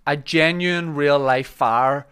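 A man's voice: a little high, slow, smooth. A man, a comedian telling stories in a casual podcast chat and acting out the people in them. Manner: animated storyteller, acts out shouted quotes.

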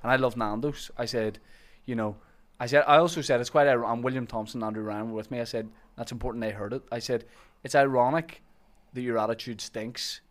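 A man, a comedian telling a story in a casual chat with a deadpan delivery. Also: mid-range voice, fast, few pauses.

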